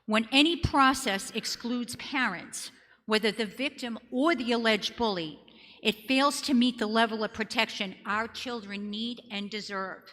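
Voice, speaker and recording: Bright-voiced woman with a Boston accent. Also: on the high side, unhurried, slight background noise. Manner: earnest, emphatic, argues point by point. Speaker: state legislator. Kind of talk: prepared floor speech in a legislature. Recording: long reverb of a legislative chamber.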